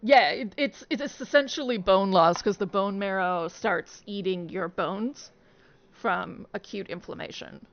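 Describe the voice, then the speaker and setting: A woman's voice: medium pitch, a little slow, creaky, no echo. A young woman giving casual, giggly game commentary, rambling and correcting herself as she goes. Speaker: let's play streamer. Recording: dull lo-fi sound.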